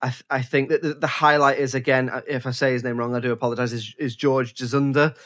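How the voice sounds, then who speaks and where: A man's voice: medium pitch, level tone, quick pace, fairly bright tone. A man co-hosting a casual film podcast, thinking aloud with frequent restarts and fillers. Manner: thoughtful, many restarts and fillers.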